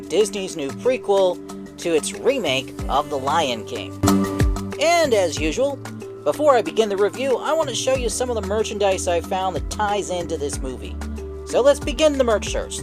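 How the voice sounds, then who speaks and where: A man with a high-sitting voice hosts a movie review channel, narrating his review in an upbeat, lively, scripted style.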